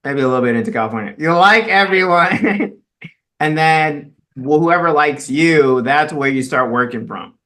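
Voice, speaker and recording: A man's voice: mid-range voice, moderate pace, a bit bright. Rambling, filler-heavy male co-host. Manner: rambling, full of "you know" fillers. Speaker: podcast co-host. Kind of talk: casual chat.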